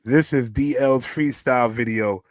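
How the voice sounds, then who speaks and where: A man hosting a radio show, talking in a hyped, slangy, energetic way. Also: mid-range voice, measured pace, noisy background. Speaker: radio host. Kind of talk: casual interview chat.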